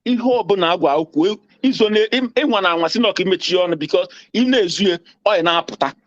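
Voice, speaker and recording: A man's voice: high voice, rapid-fire, no room sound. A male caller, speaking with passion and repeating lines for emphasis. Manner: mixes Igbo and English, repeats lines for emphasis. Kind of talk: impassioned phone call. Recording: dull dry phone call.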